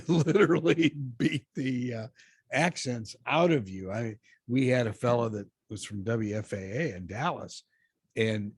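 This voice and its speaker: A man's voice: on the low side, breathy edge, no room sound, clean studio sound. A man hosting a call-in radio show who chuckles often and breaks in with short, friendly comments. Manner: chuckling, warm interjections. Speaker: radio host. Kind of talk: casual radio talk.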